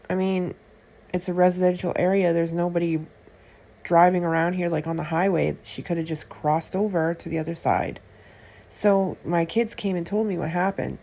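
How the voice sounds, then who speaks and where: Woman vlogging, lower voice, fired up telling her story, lots of quick asides. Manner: indignant, animated retelling with quick asides. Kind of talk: casual storytelling to camera.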